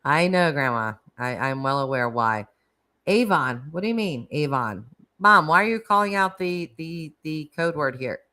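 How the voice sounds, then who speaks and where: A woman's voice: low-pitched, animated, moderate pace, bright, forceful tone, rough recording. A middle-aged woman, hosting a casual live chat with callers, chatty, laughing often and restarting her sentences. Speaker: live stream host.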